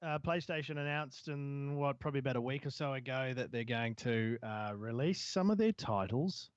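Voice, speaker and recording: A man's voice: medium pitch, moderate pace, no room sound. Man, casual tech chat, rambling, lots of ums, dull dry audio. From Southern Hemisphere. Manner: rambling, hesitant, many fillers. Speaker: podcast co-host.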